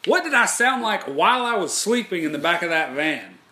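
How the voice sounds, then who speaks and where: Speaking fairly quickly in a high voice, a man on his podcast recounts a rowdy tale, cursing heavily and performing people's quotes with animation. The room is echoey.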